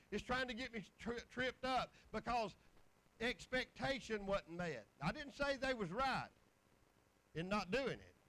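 A man's voice: extremely high pitch, bright, forceful tone, rough recording. A middle-aged man, preaching a folksy, rambling testimony full of scripture. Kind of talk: sermon.

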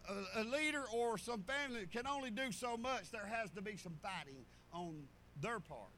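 Male pastor, high and sharp-toned, preaches in a folksy, repetitive storytelling way. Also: animated, normal speed, slight background noise. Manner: folksy storytelling preacher, repeats phrases for emphasis. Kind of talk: sermon.

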